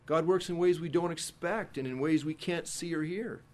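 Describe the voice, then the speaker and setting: A pastor preaching a sermon, who moves between hushed, quiet passages and loud, emphatic ones. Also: male voice, a little high, normal speed.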